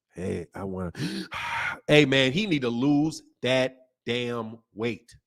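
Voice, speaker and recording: A man's voice: medium pitch, animated, drawn-out words, a bit bright. A man in his fifties hosting a boxing channel, talking in loose slangy live-stream chat and laughing often. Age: 50s.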